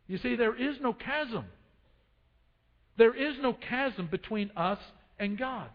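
A man with a high voice preaches a sermon, calling out to the congregation for answers and hammering his points home by repeating them. His voice rings through a church hall with long reverb. The sound is dull and muffled. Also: lively intonation, slow. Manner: call-and-response preaching, repeats phrases for emphasis. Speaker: pastor. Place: church sanctuary.

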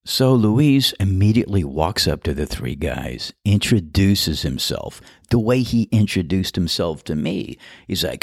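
A middle-aged man, a podcast host, telling a relaxed, chatty, amused story as a golf course starter. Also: low voice, measured pace, gravelly, hardly any pauses, breathy edge, no echo, studio quality. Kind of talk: storytelling monologue.

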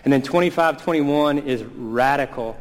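Earnest guy preaching, drags out the big words slowly, long echo like a big church hall. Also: mid-range voice. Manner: earnest, slows down for emphasis on key words. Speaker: pastor. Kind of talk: sermon.

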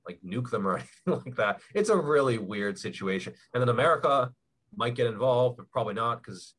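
A young man explaining things in a relaxed, rambling way, with lots of fillers, as a podcast guest. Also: mid-range voice, fairly quick. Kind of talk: casual chat.

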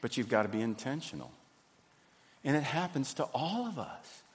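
A man, preaching a sermon in a folksy, animated way. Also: mid-range voice, moderate pace. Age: 50s. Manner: folksy, animated, acts out little scenes. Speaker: pastor. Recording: hall reverb.

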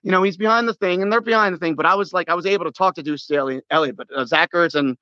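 A man's voice: high voice, rapid-fire, no echo, lo-fi sound. A middle-aged man from the United States, calling a sports radio show and telling a long, rambling story full of restarts. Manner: rambling, animated, frequent restarts and laughs. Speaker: caller.

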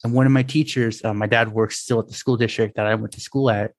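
A man hosting a podcast, talking in a hesitant, halting way with many pauses and restarts. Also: lowish voice, fairly even intonation, dry recording, studio quality. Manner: hesitant, many fillers and restarts, self-described introvert. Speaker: podcast host. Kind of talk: casual podcast conversation.

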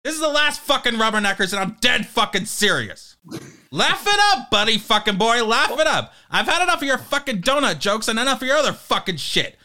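Man doing a bright, sharp-edged ranting host, loud tirade, lively swings. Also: very high-pitched, a little fast, heavily acted. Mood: furious. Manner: shouting, swearing tirade. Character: furious foul-mouthed male podcast host ranting.

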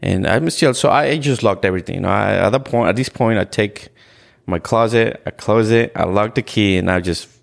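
Here an Ecuadorian man with a deep, gravelly voice appears as a podcast guest. His conversational storytelling is candid and earnest, yet he halts, keeps restarting, and says "like" a lot.

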